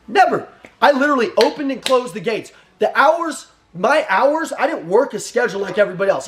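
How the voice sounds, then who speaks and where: A young man giving a blunt, profane motivational pep talk as a sales trainer, firing off short repeated commands. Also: extremely high pitch.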